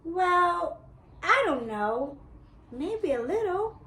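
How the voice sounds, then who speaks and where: A woman's voice: very high-pitched, sing-song, very slow, a bit bright, a little hiss or hum, pitched above the performer's own voice, heavily acted. A woman voicing a shy young boy who answers uncertainly in a storybook reading. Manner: uncertain, hesitant. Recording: roomy echo.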